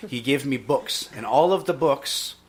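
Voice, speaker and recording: A man hosting a podcast and making his case in an emphatic, energetic way, often pausing on "okay". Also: mid-range voice. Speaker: podcast host and youth fitness instructor. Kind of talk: casual debate chat.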